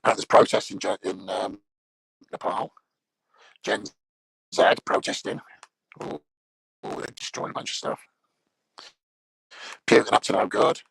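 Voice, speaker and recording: A man's voice: lowish voice, steady tone, unhurried, vocal fry, long pauses, a bit bright, slightly rough, no room sound. A middle-aged man streaming live, chatting casually in a blunt, sweary, mocking way.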